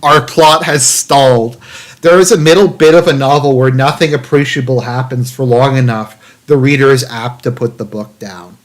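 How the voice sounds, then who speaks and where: With a steady, mid-range voice at a moderate pace, a livestreamer reads out an article in exaggerated mock drama. His interruptions are dry, sarcastic, and profane, and he rambles with plenty of fillers.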